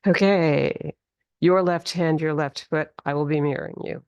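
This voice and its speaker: A woman teaching a qigong and tai chi class, giving calm, slow instructions and drawing out the healing sounds. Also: deep voice, smooth, no room sound, dull audio. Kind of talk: guided movement class. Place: studio class in the city.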